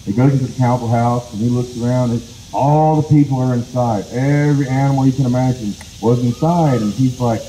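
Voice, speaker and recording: At an outdoor heritage festival, a storyteller from the Cherokee Nation in the United States tells an old tale live, casual and conversational, leaning on "and so" a lot. His medium-pitched voice is very dark and mellow, brisk with hardly any pauses. The audio is echoey with faint background noise.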